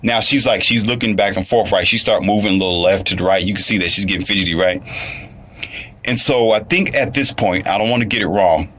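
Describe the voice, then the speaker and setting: A man's voice: fairly low pitch, brisk, fairly bright tone, a little hiss or hum. A man giving a casual commentary monologue, rambling, repetitive and emphatic. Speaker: online commentator.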